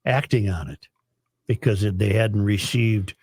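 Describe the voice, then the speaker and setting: A man's voice: on the low side, a little slow, darkish tone, slightly rough, no echo. Dry-voiced man hosting talk radio. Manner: rambling, storytelling, chuckling often. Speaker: radio show host. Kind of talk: casual talk radio banter.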